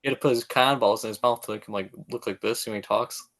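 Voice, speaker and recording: A man's voice: mid-range voice, steady tone, fast, a bit bright. A man hosting a casual podcast interview, asking curious questions and chiming in with short replies. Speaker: podcast host.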